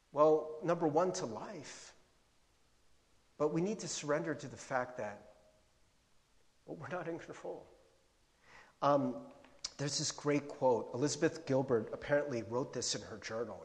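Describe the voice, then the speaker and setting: Preaching a sermon, this man pokes fun at himself and now and then mimes panic, his shouts climbing upward. His voice sits on the high side, and the room leaves a long reverb tail.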